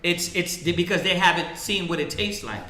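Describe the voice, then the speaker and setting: Man, priest, conversational sermon, high voice, echoey room, faint background noise. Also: normal speed, pushed and bright. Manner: conversational, acts out quoted voices, asks "right?" often. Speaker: priest teaching scripture. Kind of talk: casual preaching.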